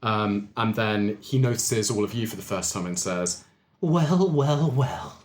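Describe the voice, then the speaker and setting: A man's voice: lowish voice, steady tone, moderate pace. A man narrating as game master of a tabletop game, rambling with fillers. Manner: rambling, full of fillers and chuckles. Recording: roomy echo.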